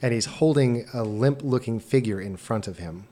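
A man's voice: medium pitch, moderate pace, dark tone. A man narrating a tabletop game as game master, descriptive and sometimes stumbling over his words.

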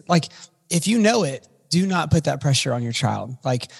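A man's voice: on the high side, animated, moderate pace, vocal fry, slightly rough. A man co-hosting a casual podcast conversation, rambling, restarting his sentences and filling the gaps with ums. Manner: rambling, with frequent restarts and fillers. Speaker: podcast co-host. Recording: long reverb in the room.

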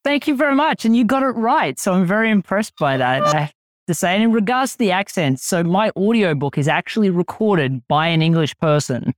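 A man's voice: sits high, animated, no room sound. An Australian man talking easily as a guest on an interview show. He rambles a little and jokes at his own expense, his voice dry and close with no room around it. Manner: chatty, self-deprecating, quick asides. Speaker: podcast guest, sales author. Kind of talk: casual interview chat.

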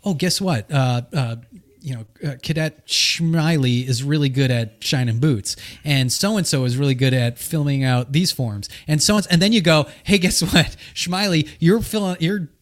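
A man hosting a casual chat, joking with animated asides. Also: mid-range voice, normal speed.

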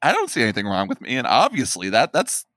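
A man's voice: mid-range voice, wildly swooping pitch, quick pace, sharp tone, dry recording, studio quality. A man in his thirties hosting a podcast, enthusiastic and hyping up his guest in casual chat. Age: 30s. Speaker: podcast host.

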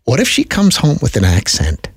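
A middle-aged man, co-hosting a podcast in chatty, animated banter and laughing easily. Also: mid-range voice, normal speed, creaky, noisy background. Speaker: radio and podcast co-host. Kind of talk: casual banter.

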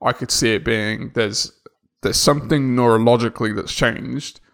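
Gravelly man musing casually. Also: mid-range voice, steady tone, normal speed, a bit bright. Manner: musing, rambling with restarts. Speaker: podcast co-host. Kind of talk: casual chat.

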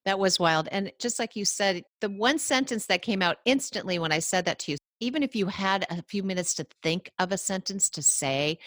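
A woman hosting a casual talk, telling a story in an earnest, animated way. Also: fairly low pitch, dry recording. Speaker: podcast co-host, psychic.

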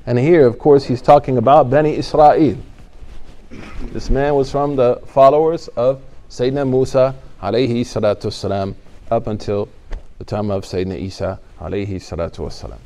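Man, mellow tone, casual lecture, jokey, bursts of emphasis. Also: mid-range voice, steady tone, moderate pace. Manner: conversational and joking, swinging up into emphatic exhortation. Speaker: religious studies teacher.

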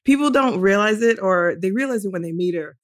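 Brief: woman co-host from New Orleans, effusive and expressive, middle pitch, casual chat. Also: fairly quick. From New Orleans, USA. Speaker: guest co-host.

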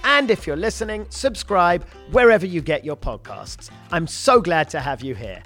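A man's voice: high voice, animated, normal speed, fairly bright tone, faint music behind. A man hosting a podcast interview, upbeat and casual, calling his guest "man" and swearing freely. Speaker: podcast host.

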